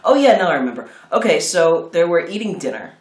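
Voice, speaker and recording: A man's voice: fairly high pitch, very animated, a little fast, reverberant. A man hosting a casual film chat, rambling through tangents and swearing freely. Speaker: film review host.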